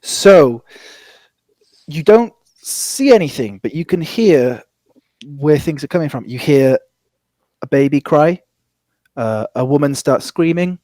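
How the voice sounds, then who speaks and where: A man narrating as dungeon master in a casual, halting way, full of fillers and repeats. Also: on the high side, lively intonation, mellow, dry recording. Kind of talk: narrating a tabletop game.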